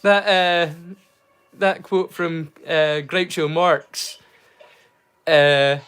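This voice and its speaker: A man's voice: fairly high pitch, drawn-out words, pauses often, smooth. A man hosting a casual livestream, talking in hesitant bursts full of fillers and restarts, with a mild stammer he keeps hidden. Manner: excitable, animated bursts. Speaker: livestream host.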